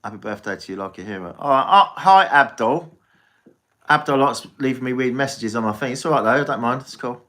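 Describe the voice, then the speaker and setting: A man's voice: mid-range voice, expressive, a little fast, pushed and bright. An English man chatting casually on a live stream as a tarot reader, rambling and swearing freely.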